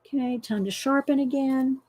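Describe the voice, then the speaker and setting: Middle-aged lady chatting thru a coloring livestream, mellow tone, laughs a lot. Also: high-pitched, normal speed. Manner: chatty, laughs often, greets viewers by name. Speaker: livestream host demonstrating coloring. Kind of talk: casual livestream chat while coloring.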